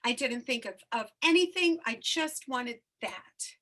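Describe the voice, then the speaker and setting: A woman with a high, bright voice hosts a relaxed spiritual chat. She tells a personal story in an animated way, open about her feelings and letting the emotion come through. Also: measured pace. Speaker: host.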